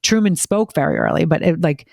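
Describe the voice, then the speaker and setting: A woman chatting casually as a parent on a podcast, telling quick, filler-heavy stories and acting out what people said. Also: low-pitched, wildly swooping pitch, vocal fry, darkish tone, dry recording, clean studio sound. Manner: rapid, filler-heavy storytelling, acting out quoted voices. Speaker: parent guest.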